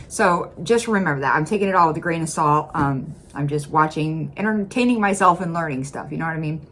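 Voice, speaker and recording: An American woman chatting casually as she hosts a reaction video, often filling pauses with um and like, recorded at home on a desk mic. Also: low-pitched, fairly bright tone, slight background noise. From United States. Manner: chatty, hedging with many ums and likes.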